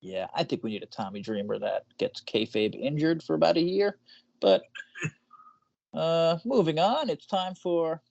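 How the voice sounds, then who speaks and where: A man co-hosting a casual podcast, animated and profane, his voice jumping up when excited. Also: moderate pace, vocal fry, lo-fi sound. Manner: animated, swearing, jumps in pitch when excited. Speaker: podcast co-host.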